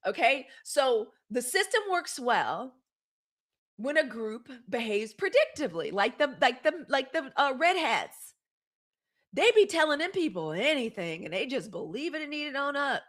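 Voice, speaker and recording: With a high voice and a measured pace, this woman runs a casual livestream. She's animated, mixing commentary with reading viewers' live comments aloud.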